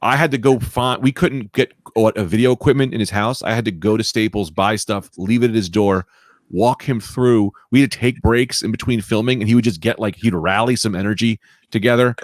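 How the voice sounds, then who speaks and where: A man co-hosting a comedy podcast, telling rambling stories in casual chat with quick put-on voices. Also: fairly low pitch, no echo, studio quality.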